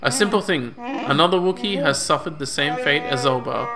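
A man reading a proud, scheming male Wookiee chieftain's lines with slow, pompous proclamations. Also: fairly high pitch, expressive. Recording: game music under voice. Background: game music.

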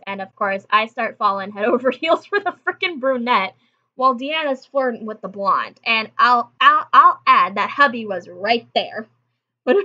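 Chatty bright-voiced young woman vlogger. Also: fairly high pitch, lo-fi sound. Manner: chatty, conversational, addresses viewers directly. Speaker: channel host. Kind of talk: casual storytelling to viewers.

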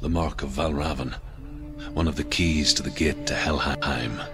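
A very deep, slow male voice as a grave old guide in a video game. He speaks with solemn weight, and loud music plays underneath. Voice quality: deep and low.

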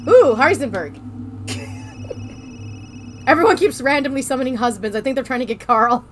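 Animated young woman streamer, high voice. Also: unhurried, faint music behind. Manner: joking, animated, swearing. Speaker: gaming streamer. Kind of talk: casual let's play commentary.

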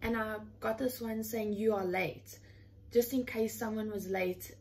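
A woman's voice: fairly high pitch, steady tone, moderate pace, a little mellow, low-quality recording. A woman in her twenties talking in a casual, heartfelt way from her room at home, earnest and chatty, often leaning on the word "literally.". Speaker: vlogger.

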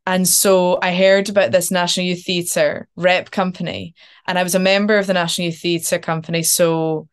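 Animated woman telling stories. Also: lowish voice. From Scotland. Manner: animated storyteller, casual swearing. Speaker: actor, podcast guest. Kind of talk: casual interview chat.

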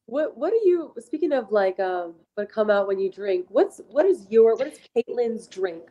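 A woman's voice: on the high side, expressive, warm tone. A woman from the Bronx co-hosting a casual podcast, firing off playful questions at the guest. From the Bronx, New York. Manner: playful, quick-fire questions. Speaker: podcast co-host. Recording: dull, distant mic with faint hiss.

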